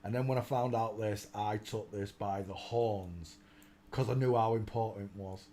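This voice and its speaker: A man's voice: fairly low pitch, fairly even intonation, normal speed, mellow, slight background noise. A man hosting a casual live stream, rambling, mocking and often breaking into laughter.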